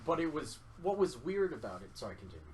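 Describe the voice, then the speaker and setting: A man co-hosting a podcast, telling an anecdote in casual chat, expressive and quick to react. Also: on the high side. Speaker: podcast co-host.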